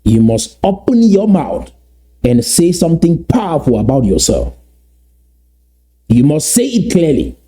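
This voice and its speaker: A man from Southern Cameroons, giving an emphatic motivational address that repeats and slowly stresses key phrases. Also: fairly high pitch, sing-song, warm tone, slightly rough. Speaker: activist speaker.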